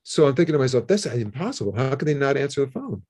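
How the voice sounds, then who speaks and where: An older man, a guest in an interview, telling a story in a casual, animated way and acting out the phone calls in it. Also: medium pitch, quick pace, slightly rough. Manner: animated, acts out his own and others' phone calls.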